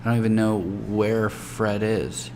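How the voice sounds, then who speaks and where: A man with a lowish voice chats casually while streaming a game. He thinks out loud and swears freely. The recording carries a clear layer of background noise. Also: little pitch movement, unhurried. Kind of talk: casual gameplay chat.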